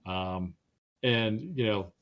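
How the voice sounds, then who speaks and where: A man's voice: on the low side, extremely slow. Rambling middle-aged male game designer. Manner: rambling storyteller, self-deprecating, trips on words. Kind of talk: casual interview chat.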